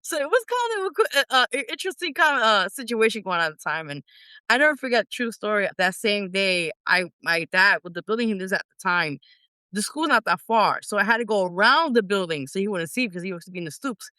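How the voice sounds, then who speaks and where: A middle-aged singer talks through her story in an animated way, acting out how she reacted back then. Her voice is bright and crisp, recorded close and dry with no room sound. The style is a casual interview. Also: mid-range voice, fast, no room sound. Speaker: independent singer, interview guest.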